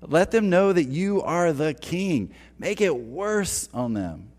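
A man's voice: a little high, very animated, takes it slowly, a little mellow, voice pushed up, heavily acted. A man voicing a lazy male friend of a young king, breezy and goading.

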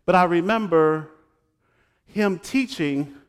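A pastor preaching a sermon who teases his congregation and swings between hushed asides and loud exclamations. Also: high-pitched, takes it slowly, clean tone. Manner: talks straight to the congregation, joking and teasing. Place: church sanctuary. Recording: long hall reverb.

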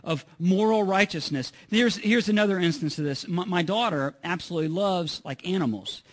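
A middle-aged man preaching a sermon in a conversational way, often repeating words as he restarts. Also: high voice. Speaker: pastor.

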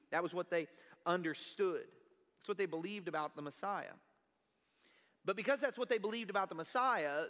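A pastor preaching a sermon, telling a personal story in an earnest, conversational way. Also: male voice, sits high, fairly bright tone. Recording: long reverb of a large hall.

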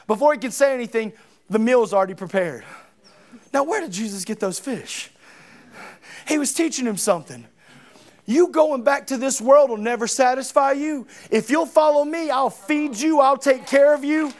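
High-voiced preacher, animated and dramatic. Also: male voice, moderate pace. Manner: animated, dramatic, acts out Bible characters. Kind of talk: sermon.

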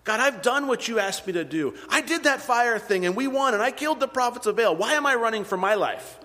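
A man voicing a whiny, self-pitying male prophet in a sermon, pitched well above his own voice. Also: expressive, fairly quick, pushed and bright, big-room sound, full character voice. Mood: whining.

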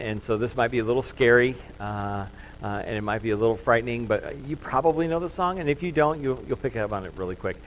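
A man's voice: lowish voice, a little hiss or hum, low-quality recording. A middle-aged man preaching a sermon in a loose, conversational way, full of fillers and self-deprecating asides. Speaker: pastor.

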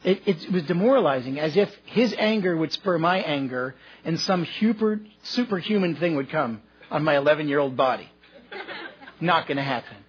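A man's voice: a little high, normal speed, dull audio. A man preaching a sermon as pastor, telling folksy stories with self-deprecating humor.

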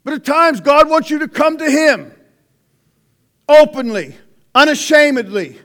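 A man preaching a conversational sermon, swinging between loud outbursts and hushed asides. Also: extremely high pitch, lively intonation, a little slow. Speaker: pastor.

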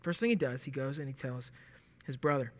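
In a fairly quick, medium-pitched voice, a man teaches scripture as a preacher, joking casually and acting out lines with laughter. Long hall reverb fills the recording.

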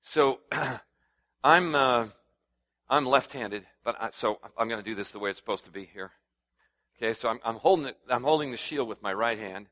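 A man preaching a sermon to his congregation in a conversational way that turns louder and higher as he gets stirred up, asking them to respond. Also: normal speed. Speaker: pastor.

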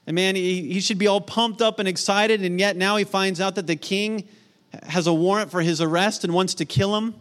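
A middle-aged man preaching a sermon, earnest, swinging from emphatic peaks to soft, hushed storytelling. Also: sits high, steady tone, normal speed. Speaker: pastor.

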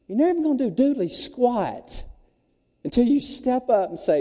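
Folksy preacher, mellow. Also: male voice, very high-pitched, normal speed, long reverb tail. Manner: folksy, animated storytelling. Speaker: pastor. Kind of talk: sermon. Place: church sanctuary.

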